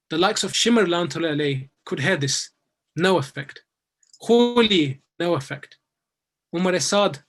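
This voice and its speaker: Man, British English accent, sermon storytelling, slightly high voice, softens in grief, mourning tone. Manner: storytelling, grows softer and lower in sorrowful passages, rising with emotion at others. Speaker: speaker at a majlis. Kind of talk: religious sermon, recounting and lamenting.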